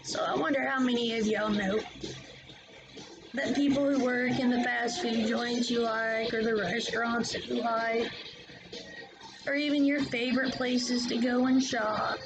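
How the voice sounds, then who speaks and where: Slow, rambling woman vlogger. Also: on the high side, fairly even intonation, highs cut off, music in the background. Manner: rambling, plain-spoken, drifts between topics. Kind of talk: casual opinion monologue.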